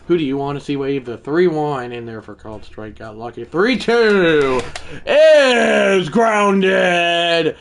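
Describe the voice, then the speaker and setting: A man streaming a baseball video game live, talking to his chat between pitches and breaking into mock play-by-play calls. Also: fairly quick, hardly any pauses, a little hiss or hum. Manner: mock play-by-play announcing, excitable; chatty asides to viewers.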